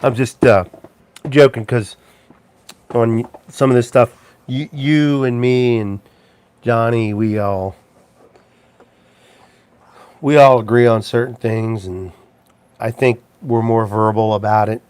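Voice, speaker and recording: A man hosting a casual livestream who rambles and chuckles, trailing off into ums and starting sentences over. His voice sits at an ordinary middle pitch and sounds dry and close to the mic. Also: fairly even intonation, takes it slowly, pauses often, a little mellow, clean tone, no room sound. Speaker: live show host.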